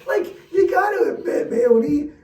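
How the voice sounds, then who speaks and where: A man's voice: very high voice, lively intonation, moderate pace, mellow. A man, chatting casually as a podcast co-host, loose and jokey, with lots of filler words. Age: 40s. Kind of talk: casual chat. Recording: roomy sound, distant mic, faint noise.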